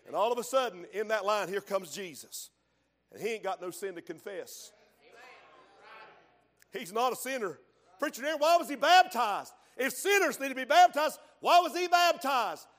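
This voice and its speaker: A man's voice: very high voice, lively intonation, normal speed, a bit bright, in a large hall. A man preaching a fervent sermon, punctuating his points with frequent amens.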